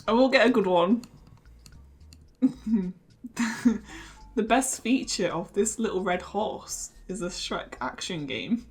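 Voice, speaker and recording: A woman's voice: mid-range voice, lively intonation, takes it slowly, long pauses. A woman hosting a casual comedy chat, reading garbled translated text aloud while trying not to laugh. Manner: giggly, stumbling over the garbled lines. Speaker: host.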